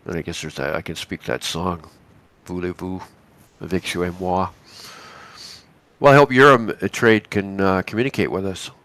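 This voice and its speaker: A man with a very low, gravelly voice, roughened by a head cold, talking live. He rambles casually through market commentary, often stopping and restarting his sentences. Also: expressive, a little fast, hardly any pauses, fairly bright tone. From Canada. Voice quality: raspy. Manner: rambling, chatty, with frequent restarts and asides. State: hoarse from a cold. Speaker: co-host of a live futures trading stream.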